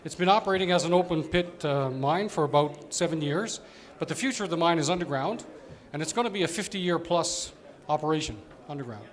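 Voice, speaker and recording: A man's voice: on the high side, a little fast. A man giving a conversational conference presentation as an operations executive, explaining with fillers.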